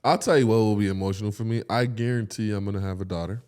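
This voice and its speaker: A young man co-hosting a podcast in casual chat, reacting with animated exclamations and laughing easily. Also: on the low side, racing, clear, resonant tone. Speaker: podcast co-host.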